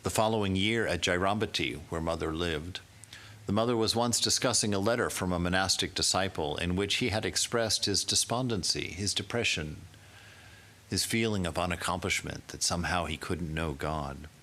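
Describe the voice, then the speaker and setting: A swami giving an emphatic sermon, building through rhetorical questions. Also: male voice, low-pitched, normal speed, pushed and bright.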